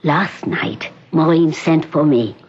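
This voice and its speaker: An actor playing a formal, cautious hospital doctor who speaks in a measured, precise way, in 1970s radio drama acting. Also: male voice, on the high side, gravelly, slightly rough, heavily acted. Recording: dull old radio recording, faint hiss.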